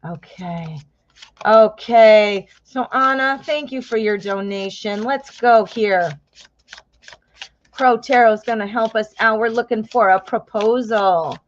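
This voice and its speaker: A woman's voice: a little high, slow, dull audio. Chatty woman in her fifties reading tarot. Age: 50s. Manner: chatty, excitable, exclaims often. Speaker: tarot reader. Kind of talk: live-stream tarot reading.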